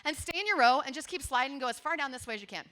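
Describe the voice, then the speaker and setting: A woman in her forties giving a conference workshop talk, telling stories in a lively, conversational way with asides to her audience. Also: high voice, rapid-fire. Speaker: workshop presenter. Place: conference room with a seated audience.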